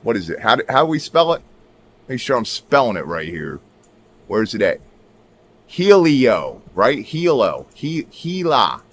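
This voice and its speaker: His mid-range voice swoops wildly in pitch at a measured pace, with a little hiss or hum in the background. The speaker is a video creator giving casual, emphatic screen commentary, sometimes swearing and regularly checking in with viewers.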